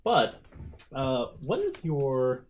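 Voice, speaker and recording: A man's voice: medium pitch, very animated, drawn-out words, a little mellow. A man running a tabletop horror game as game master, describing scenes casually with lots of fillers.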